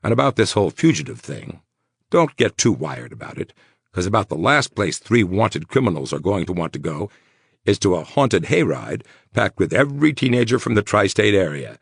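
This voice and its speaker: Wry ex-cop guy, read by a man, husky and gravelly, teasing ease. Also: lowish voice, big pitch swings, normal speed, dry recording, studio quality, voice pushed up, full character voice. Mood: joking. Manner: wry, teasing, laid-back. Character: easygoing joking adult man, ex-cop.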